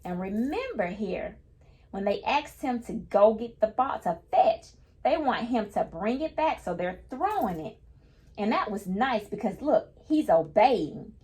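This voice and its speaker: Slow, lively-voiced woman teaching children. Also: on the high side. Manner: patient, explains each new word simply. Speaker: teacher reading a picture book aloud. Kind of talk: children's read-aloud lesson.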